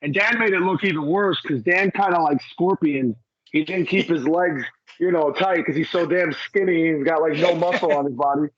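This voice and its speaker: A wrestler in casual chat with an interviewer, talking loosely and filling gaps with "you know" and "like.". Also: male voice, on the high side, moderate pace, no room sound, dull audio. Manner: rambling, many fillers like "you know" and "like". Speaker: wrestler guest.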